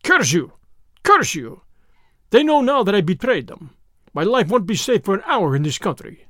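A man's voice: high-pitched, sing-song, normal speed, no room sound, clean studio sound, voice pushed up, exaggerated voice. A man voicing a terrified, spiteful Russian man who speaks with a Russian accent in a vehement, snarling way. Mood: furious, desperate.

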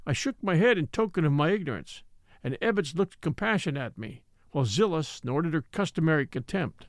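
A man narrating an audiobook in a measured, expressive reading. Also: fairly high pitch, no room sound, studio quality. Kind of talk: scripted narration.

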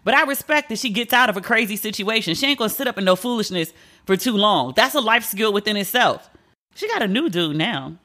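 Woman host, solo podcast, frank and opinionated, bright forward voice. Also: lowish voice. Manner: candid, opinionated, slangy. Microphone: podcast mic.

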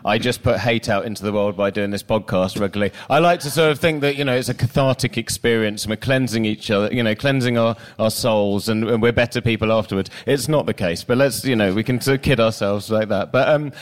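A male podcast host, asking questions in a relaxed, laughing manner. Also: on the low side, quick pace, hardly any pauses. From England. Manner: easygoing, laughing often. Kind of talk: casual podcast interview.

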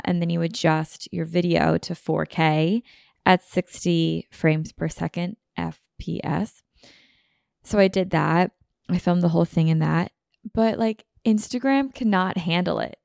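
A woman's voice: lowish voice, a little slow, creaky, darkish tone, no echo, studio quality. A woman hosting a solo podcast, chatting casually and rambling with lots of "like" fillers. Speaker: podcast host.

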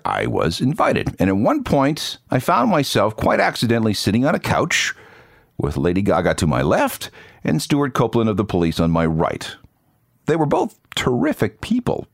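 A man's voice: low voice, dry recording. A man hosting a podcast, telling music-industry stories in scripted narration with dry asides. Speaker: podcast host. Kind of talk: scripted radio-style narration.

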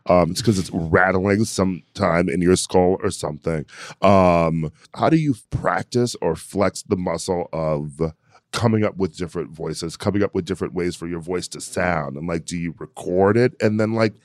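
Deep-voiced man asking halting questions. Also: no room sound, studio quality. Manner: halting, searching for words. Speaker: interviewer. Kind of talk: casual interview chat.

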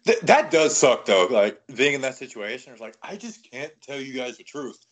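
A man co-hosting a casual sports podcast, talking in lively, quick bursts. His voice sits at a middle pitch. He keeps cutting in with "like" as he builds his argument. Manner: animated, talks in quick bursts with lots of "like". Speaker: podcast co-host.

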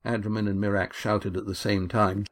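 A man with a lowish voice reads his own adventure novel aloud as audiobook narration, telling the story in a measured, steady way.

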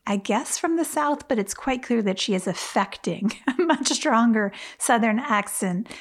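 A woman's voice: on the high side, expressive, measured pace. A woman in casual book talk, enthusiastic and laughing often as she reads passages aloud.

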